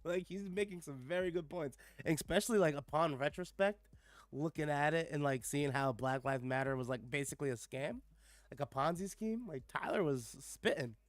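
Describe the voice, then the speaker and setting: A man's voice: fairly high pitch, moderate pace, no room sound. A man giving casual reaction commentary, sarcastic and profane, filling his talk with "like" and "bro.". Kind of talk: casual reaction commentary with read-aloud passages.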